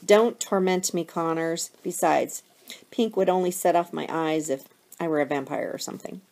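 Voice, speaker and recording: A woman's voice: on the low side, normal speed, darkish tone, lightly acted. A woman voicing a tough, blunt girl who trades wisecracks, reading from a novel. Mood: teasing. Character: tough, teasing girl, sixth grader.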